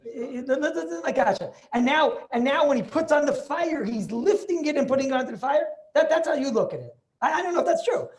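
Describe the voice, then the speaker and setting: A man's voice: extremely high pitch, expressive, brisk, hardly any pauses. A man making a Talmudic argument in an online Torah class over a video call. He talks eagerly, restarts his sentences and keeps checking with "right?".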